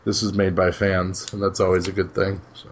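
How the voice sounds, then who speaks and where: Low-voiced laid-back podcast host. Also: male voice, little pitch movement, normal speed, slightly rough. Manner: laid-back, chuckling, trailing off with "so". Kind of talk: casual podcast chat.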